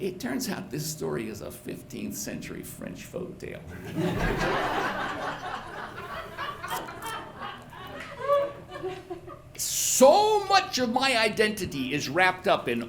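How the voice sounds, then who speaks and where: A middle-aged man telling a personal story live at a pub, in a folksy, animated way with frequent repeated words. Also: fairly high pitch, moderate pace, gravelly, hardly any pauses, a little hiss or hum. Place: pub stage before an audience. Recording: roomy pub with faint chatter.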